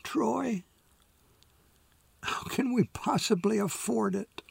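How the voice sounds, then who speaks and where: A man reading an audiobook, voicing a grieving woman who speaks softly and tearfully about her sick dog. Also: on the high side, big pitch swings, measured pace, vocal fry, slightly rough, no room sound, exaggerated voice. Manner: soft, tearful, near whisper.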